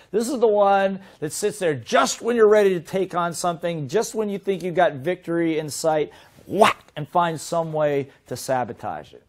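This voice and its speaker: A middle-aged man teaching a sales seminar in a lively way, often asking his listeners questions. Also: on the high side. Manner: lively, asks the audience questions. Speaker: sales trainer.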